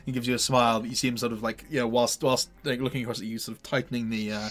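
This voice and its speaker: A man narrating a tabletop game as game master, rambling and relaxed. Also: mid-range voice, very fast, few pauses. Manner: rambling, full of fillers and restarts, relaxed.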